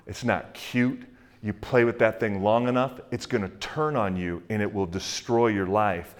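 A man's voice: lowish voice, normal speed. Man preaching in a casual, chatty way. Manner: conversational preaching with fillers and acted-out quotes; drops to a hushed, soft voice in prayer. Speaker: pastor. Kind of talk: sermon.

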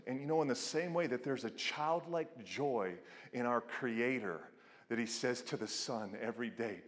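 A middle-aged man preaching a sermon as a pastor, telling stories with lively, playful quoted voices. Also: unhurried. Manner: animated storytelling, acts out quotes with big pitch jumps. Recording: long hall reverb.

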